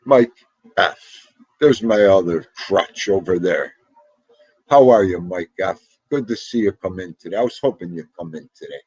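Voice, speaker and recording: A middle-aged man hosts a casual livestream, talking back to his viewers in a loose, chatty way. His voice sits low and has a husky edge. The sound is dry and close, with no room around it. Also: animated, moderate pace, darkish tone, no room sound, highs cut off. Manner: chatty, laughing, talks back to the chat. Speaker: livestream host. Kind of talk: casual chat with live viewers.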